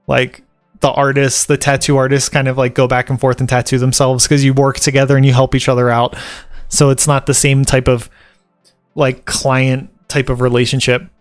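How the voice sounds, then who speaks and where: A man's voice: medium pitch, little pitch movement, normal speed, dry recording, soft background music. Rambling, joking man from the American South. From Southern United States. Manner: rambling and joking, reads article points aloud and riffs on them. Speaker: vlogger and tattoo apprentice. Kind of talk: casual chat to camera.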